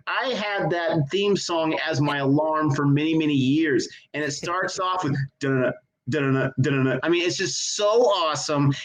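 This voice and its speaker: A man in his thirties talks eagerly about a favorite film in a casual review chat. His voice sits a little high, and he gushes about everything he loves. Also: low-quality recording. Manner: enthusiastic, gushing. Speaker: co-host of a movie review show. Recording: connection issues on the audio.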